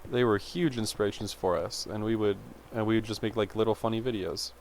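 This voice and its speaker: Man, twenties, vlogger, low-ish voice, rambling storytelling, chatty, lots of filler words, faint background hum. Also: fairly even intonation, a little fast, a little mellow. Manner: chatty, self-interrupting, full of "like".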